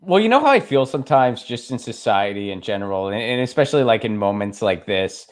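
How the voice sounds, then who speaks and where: A man who is a guest comedian on a political talk show, telling stories and acting out scenes in high, mocking voices. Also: big pitch swings, a little fast. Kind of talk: casual political chat.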